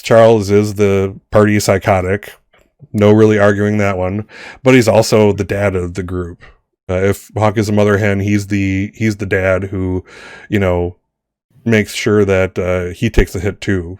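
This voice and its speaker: A man's voice: on the low side, flat delivery, a little slow, a little mellow, clean tone, no echo, clean studio sound. A man game master in casual chat, rambling with many restarts and some swearing. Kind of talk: casual campaign wrap-up chat.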